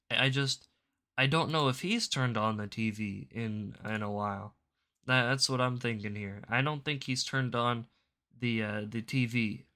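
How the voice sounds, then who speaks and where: Male commentator for reaction videos: bright, sharp voice at mid pitch, sarcastic rambling delivery into a home desk mic. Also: vocal fry. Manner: sarcastic, rambling, swears casually. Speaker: political commentator. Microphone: desk microphone.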